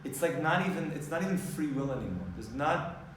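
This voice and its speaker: A man's voice: on the high side, a little fast, noisy background. Male teacher in an echoing room. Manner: lively, explanatory, mixing in Hebrew terms. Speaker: Torah teacher. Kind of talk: informal class lecture. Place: classroom. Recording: echoey room, distant mic, faint ambience.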